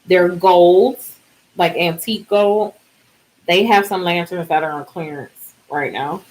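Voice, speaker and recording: A worn-out woman talks to her viewers in a loose, rambling way, trailing off and restarting her thoughts. Her voice sits a little low and sounds sleepy. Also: a little slow, rough recording. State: exhausted, yawning. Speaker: DIY vlogger. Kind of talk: casual chat.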